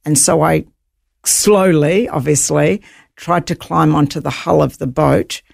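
A woman telling a guest story in a heavily gravelly, creaky voice, sounding dry and close to the mic. She talks in an animated way and retells each moment vividly. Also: low-pitched, measured pace, no echo. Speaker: guest, author. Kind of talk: interview storytelling.

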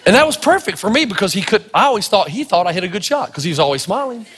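Racing along in a high voice over a noisy background, a pastor from Tennessee tells stories during his sermon. He performs the dialogue in raised voices with animated energy, and the sound has a long hall reverb.

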